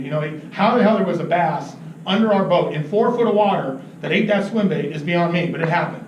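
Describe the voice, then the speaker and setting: A man teaching about fishing, telling an animated story, laughing often and acting out what people said. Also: sits high, fast talker, highs cut off. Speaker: fishing instructor. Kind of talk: anecdotal teaching talk. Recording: roomy, distant mic with noisy ambience.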